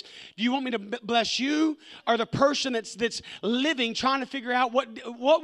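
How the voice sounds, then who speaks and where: A man's voice: extremely high pitch, a bit bright. A man preaching a sermon, impassioned, who repeats words and acts out the lines of the story.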